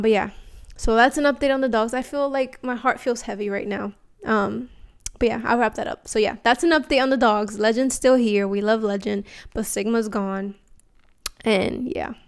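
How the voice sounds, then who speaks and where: A woman's voice: on the high side, creaky, clear, resonant tone. A young woman vlogging in a rambling, candid and emotional way, full of fillers and restarts. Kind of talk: casual chat to camera.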